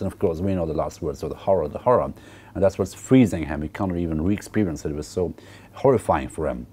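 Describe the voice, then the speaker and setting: Deep-voiced man giving a literature lecture. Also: brisk, warm tone, breathy edge. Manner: explanatory, checks in with "okay" and "right"; hesitant fillers and repeated words. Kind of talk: recorded university lecture.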